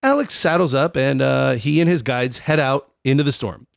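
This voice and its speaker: A man's voice: mid-range voice, normal speed, creaky, dry recording, studio quality. A young man co-hosting a comedic history podcast, telling the story in a profane, jokey way. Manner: profane, jokey, puts on silly voices. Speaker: podcast co-host.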